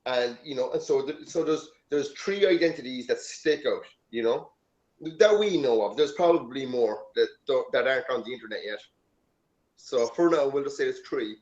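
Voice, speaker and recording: Male host, rambling and animated, casual chat, roomy and dull recording. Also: medium pitch, normal speed. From Ireland. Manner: rambling, animated, swears freely.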